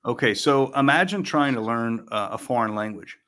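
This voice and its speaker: A man of mid pitch talks things through in an easy, conversational way, reaching for homely comparisons to make his point. He restarts phrases often and breaks into a light laugh now and then. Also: moderate pace, fairly bright tone. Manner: thoughtful, analogy-rich, with frequent restarts and light laughs. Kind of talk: conversational explanation.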